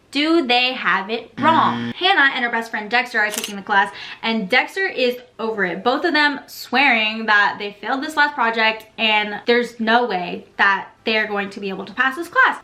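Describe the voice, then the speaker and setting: A woman's voice: a little high, pushed and bright. A woman in her twenties recapping a TV episode in a playful, gossipy way, with sassy asides. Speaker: video creator recapping a TV episode. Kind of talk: casual recap commentary.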